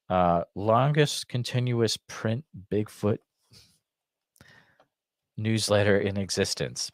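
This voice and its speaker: A man with a very low voice and a slight Massachusetts accent hosts a live call-in show. He talks in a loose, rambling way, full of fillers and restarts. The recording is close and dry, with no room sound. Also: dry recording. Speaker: host of a live call-in podcast. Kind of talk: casual live-stream chat.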